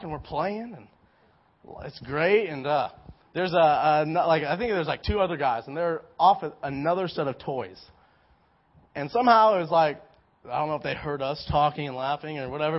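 High-voiced young man preaching casually. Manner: animated, storytelling, many restarts. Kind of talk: casual sermon with personal story. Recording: dull lo-fi recording.

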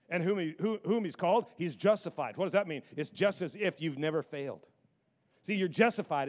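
A man preaching a sermon in an animated, repetitive style that builds in emphasis. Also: on the high side.

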